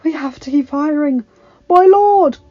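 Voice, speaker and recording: A woman reading aloud gives voice to a grim male knight shouting urgent pleas on a castle wall. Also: high-pitched, a little slow, highs cut off, voice pushed up. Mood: pleading shouts. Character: grim middle-aged male knight, desperate.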